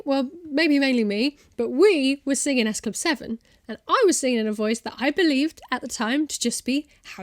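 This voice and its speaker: A young woman with a British accent talks straight to camera in a chatty, self-mocking way. Her voice sits fairly high. The sound is dry and close, with no room echo. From Britain. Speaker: YouTube host. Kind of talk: casual explainer to camera.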